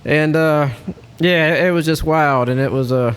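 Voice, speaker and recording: A man, a hunting lodge guide, telling a story in a casual, animated way. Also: fairly high pitch, measured pace, clean tone. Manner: animated storyteller, Southern-style speech.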